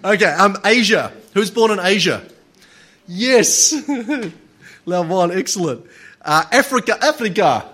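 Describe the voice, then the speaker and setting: A man lecturing a live group, chatty and playful with the audience, then slow and deliberate. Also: high voice, bright, forceful tone.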